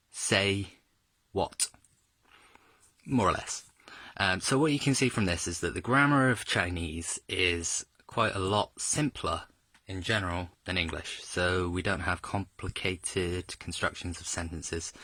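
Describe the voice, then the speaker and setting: A man talks through a casual video lesson at a slow, easy pace. His voice sits low yet sounds bright and crisp, and the recording is dry and close. He jokes along the way and swings his pitch hard when he demonstrates the tones. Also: no echo. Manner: chatty and jokey, exaggerates tones when demonstrating. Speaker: self-taught language learner sharing lessons.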